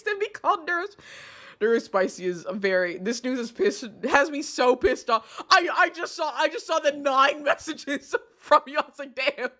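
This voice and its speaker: A young woman talks through a live stream in casual commentary, her voice high-pitched and sharply bright. She rambles, restarts her sentences and swears as she gets worked up. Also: animated, moderate pace. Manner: rambling, heated and emphatic, frequent swearing and restarts.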